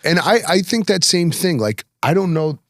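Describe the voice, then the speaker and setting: A man's voice: on the high side, normal speed, no room sound, clean studio sound. A man hosting a podcast, telling blunt, profane stories in casual chat. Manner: blunt, profane, lively storyteller. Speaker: podcast host.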